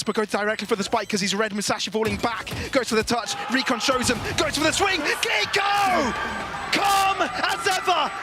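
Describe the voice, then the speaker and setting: A man giving fast, excitable play-by-play esports commentary, rising to shouts at big plays. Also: very high-pitched. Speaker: esports caster.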